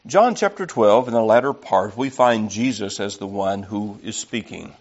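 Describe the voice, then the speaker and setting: A man's voice: on the low side, normal speed. A man preaching an earnest, emphatic sermon and reading scripture aloud. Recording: slightly dull lo-fi recording.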